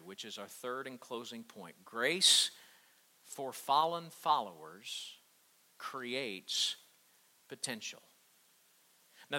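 High, very bright-voiced male preacher. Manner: emphatic, rising to fervent peaks and dropping to hushed lines; restarts and repeats words while preaching. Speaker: pastor. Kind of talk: sermon.

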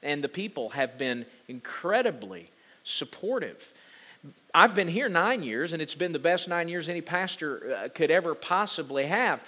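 Bright-voiced earnest male pastor preaching. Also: a little high, animated. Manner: earnest storytelling with halting restarts. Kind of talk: sermon.

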